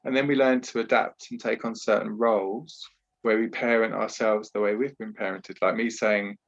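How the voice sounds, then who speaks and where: A man's voice: on the low side, fairly even intonation, normal speed, gravelly. Earnest, explaining man on a muffled call. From Britain. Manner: earnest, explanatory, frequent "you know" and restarts. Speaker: trauma therapist, podcast guest. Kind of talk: podcast interview over a video call. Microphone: video call.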